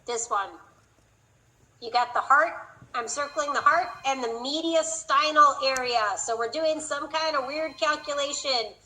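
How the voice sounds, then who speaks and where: A woman's voice: high-pitched, measured pace, bright, forceful tone, poor audio. A woman teaching a class, explaining procedures and teasing her students in a playful way. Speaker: instructor. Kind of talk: classroom lecture.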